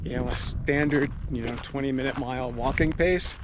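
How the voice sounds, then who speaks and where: A man's voice: mid-range voice, moderate pace. An out-of-breath man filming himself on a mountain trail during a race, weary and muttering to himself between climbs. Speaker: trail runner vlogging a race. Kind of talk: breathless self-filmed race diary. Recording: noisy outdoor camera audio.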